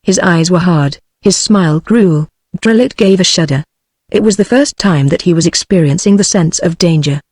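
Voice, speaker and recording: A text-to-speech woman's voice with a British accent, narrating an audiobook in an even synthetic delivery. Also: fairly low pitch, moderate pace, no echo, studio quality. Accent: British English.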